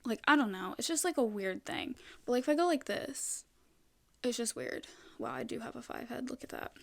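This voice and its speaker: A woman's voice: a little high, expressive, moderate pace, gravelly, dry recording. A young woman hosting a solo podcast, rambling casually with lots of "like" and heavy swearing. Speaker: podcast host.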